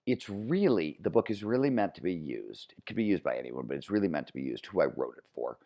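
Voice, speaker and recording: A middle-aged man with a flat Midwestern American accent and a very deep, low voice. He speaks as a podcast guest and explains with energy, restarting phrases as he builds each point. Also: fast talker, vocal fry. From Cleveland, Ohio, US. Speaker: author and guest. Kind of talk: podcast interview.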